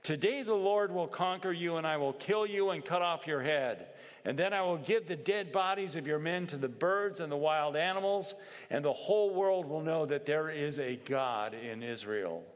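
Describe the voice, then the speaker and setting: A man's voice: fairly high pitch, moderate pace, natural voice. A man voicing a bold young shepherd, defiant and fervent, proclaiming in a rising, emphatic way. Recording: long reverb in a hall.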